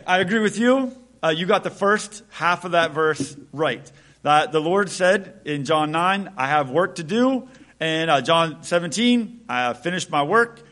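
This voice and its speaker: A man with a slightly high voice preaching a relaxed sermon. He talks conversationally, slows down to read scripture, and acts out little back-and-forth exchanges. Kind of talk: casual sermon with Bible reading.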